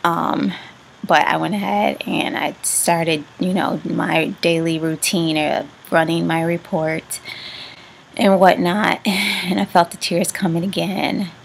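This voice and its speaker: A woman tells a personal story to her vlog audience in a low, gravelly voice. She speaks haltingly, with many restarts and fillers. Her words often fade into a soft whisper, and a faint hiss sits under the recording. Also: level tone, rough recording. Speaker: vlogger.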